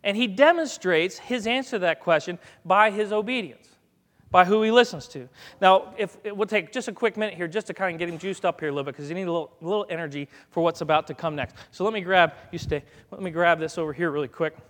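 High-voiced man preaching in a reverberant hall. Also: quick pace, fairly bright tone. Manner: chatty, folksy, gives dog commands mid-sermon. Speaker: guest preacher. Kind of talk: conversational sermon with live dog demonstration. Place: church sanctuary.

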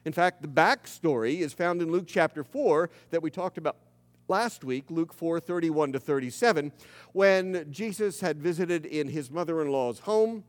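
A male pastor preaching a sermon in a conversational, storytelling way, slowing down for emphasis. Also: a little high. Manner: conversational storytelling, dramatic slowdowns. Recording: long reverb of a large hall.

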